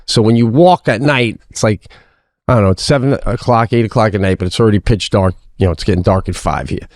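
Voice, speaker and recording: A middle-aged man co-hosting a podcast, telling a story in casual chat, animated and swearing freely, acting out his own shouting. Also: lowish voice, quick pace, no room sound, clean studio sound. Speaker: podcast co-host.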